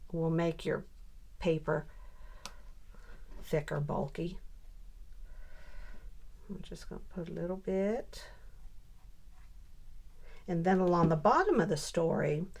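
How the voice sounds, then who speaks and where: An older woman and grandmother chatting casually through a scrapbooking tutorial. She often mutters softly to herself while she works. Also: on the low side. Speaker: scrapbooking crafter and channel host. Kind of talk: casual crafting tutorial chat.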